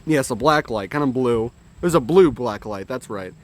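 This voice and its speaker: A man's voice: medium pitch, lively intonation, normal speed. A young man telling a story in a casual, rambling way, swearing now and then. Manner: rambling, profane, self-correcting. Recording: clear background music.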